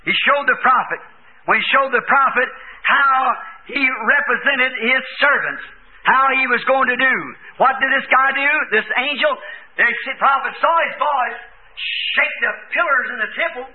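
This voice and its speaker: A man preaching a revival sermon in a church service, fervent and hollering quotes with sudden shouts. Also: extremely high pitch, moderate pace. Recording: tinny lo-fi old tape recording.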